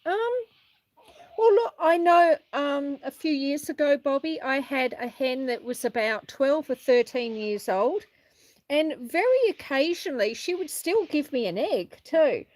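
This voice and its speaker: On her farm outdoors, a middle-aged homesteader livestreams as she walks, reading viewer comments and chatting. She speaks at a measured pace in a high-pitched voice with lively intonation, warm and chatty, laughing frequently. No echo is present.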